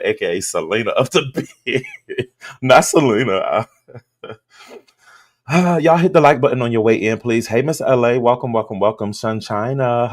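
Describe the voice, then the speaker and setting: A man with a lowish voice hosts a casual livestream from a room at home, talking bluntly and swearing freely as he greets people in the chat. The sound is dry and close, with no room echo. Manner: blunt and profane, greets chat viewers by name. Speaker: livestream host. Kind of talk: casual live-stream chat and gossip commentary.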